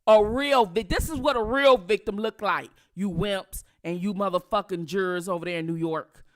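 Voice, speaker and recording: A Detroit woman with a local accent hosts a casual commentary channel, her mid-range voice moving at a moderate pace. She sounds emphatic and outraged, repeating herself for effect.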